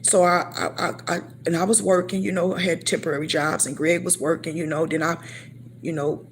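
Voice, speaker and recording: With a lowish voice, fairly even intonation and a brisk pace, a middle-aged woman recounts her faith testimony against slight background noise. She tells it emotionally, voicing her own past dialogue and frequently repeating and restarting phrases.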